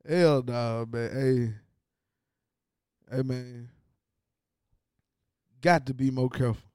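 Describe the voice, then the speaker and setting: Smooth-voiced man riffing on his podcast. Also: medium pitch, drawn-out words, long pauses, no room sound, clean studio sound. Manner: animated, repeats himself for emphasis, slangy. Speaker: podcast host. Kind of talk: casual solo podcast monologue.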